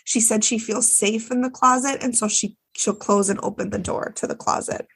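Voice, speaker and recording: Woman co-host, casual recap chat, gravelly edge, loose and profane. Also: medium pitch, fairly even intonation, moderate pace, fairly bright tone. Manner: chatty, swears freely, lots of fillers. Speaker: podcast co-host.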